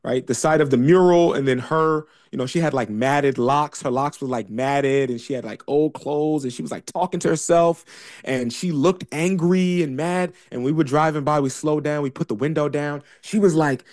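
A man's voice: a little high, normal speed, darkish tone. A man talking in a casual monologue. He hesitates with many fillers and then builds to emphatic, repeated questions. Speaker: speaker.

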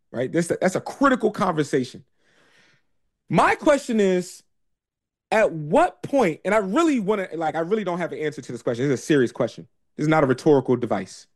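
A man with a somewhat high voice speaks in a rambling monologue. He often trails off into fillers, then gathers force through repeated, pointed questions. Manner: hesitant, many fillers, building to emphatic repetition. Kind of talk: casual monologue.

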